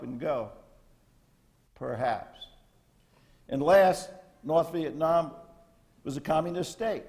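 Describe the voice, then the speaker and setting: An older man speaks as a retired Marine general addressing cadets, blunt and folksy, with salty military asides. His voice sits somewhat high for a man, and he talks to a lecture hall. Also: darkish tone.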